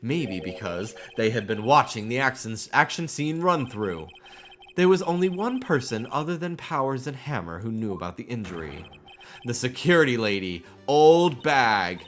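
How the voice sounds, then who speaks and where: A man's voice: medium pitch, expressive, moderate pace, a bit bright, a little hiss or hum, lightly acted. A man voicing an earnest young male defense attorney from a video game, pleading and reasoning through a case.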